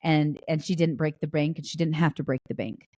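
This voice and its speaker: A woman with a notably low, deep voice tells a story, casual and chatty. She backtracks often, dropping fillers as she goes. The sound is dry and close, with no room around it. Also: fairly even intonation, fairly quick, darkish tone, no echo. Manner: chatty, with frequent restarts and fillers. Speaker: podcast host.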